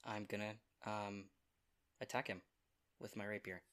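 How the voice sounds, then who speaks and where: A man's voice: lowish voice, level tone, unhurried, heavy background noise. A man playing a tabletop game, talking casually and a bit hesitantly. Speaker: player.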